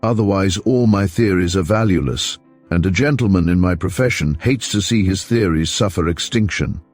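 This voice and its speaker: A man doing a prim, timid gentleman investigator. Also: sits low, moderate pace, faint music behind. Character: fussy, mild middle-aged male inquiry agent.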